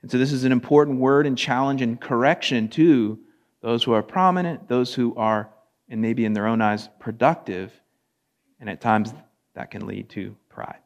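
A man preaching a sermon in a conversational, animated way, often speaking in quoted voices. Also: moderate pace, in a large hall. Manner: conversational, animated, acts out quotes with rising pitch. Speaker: pastor.

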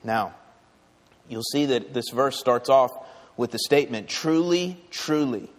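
A man's voice: mid-range voice, fairly even intonation, unhurried, long reverb tail. A man preaching a sermon in a church, with a conversational, emphatic delivery and frequent rhetorical questions to the congregation. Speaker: pastor. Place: church sanctuary.

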